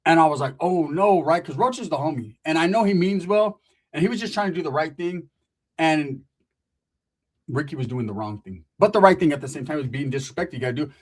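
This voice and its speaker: A man's voice: on the high side, expressive, brisk, breathy edge. A man telling a rambling, profane street story in casual slang, full of asides.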